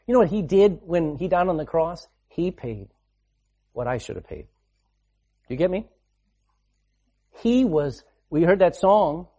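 Mellow-voiced preacher delivering a dramatic sermon. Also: male voice, fairly high pitch, husky, dull audio. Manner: dramatic swings between loud and hushed delivery; repeats phrases for emphasis.

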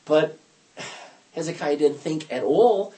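Older man, Bible teacher, chatty and animated, pitch swinging widely as he tells stories. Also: slow pace. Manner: animated storyteller, acts out quotes, frequent restarts. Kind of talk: informal Bible lesson.

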